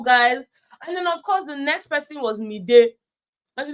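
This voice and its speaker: A woman's voice: sits high, unhurried. Chatty Nigerian woman vlogger. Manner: chatty, animated, slips into Pidgin, many "you know"s. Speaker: reality show recap vlogger. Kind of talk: casual chat recap.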